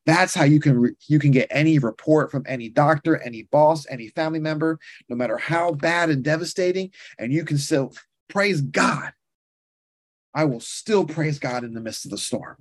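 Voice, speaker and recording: A man's voice: fairly high pitch, moderate pace, no room sound. A man preaching a sermon and leading a prayer, passionate, with rising and falling emphasis, speaking to his listeners as brothers and sisters.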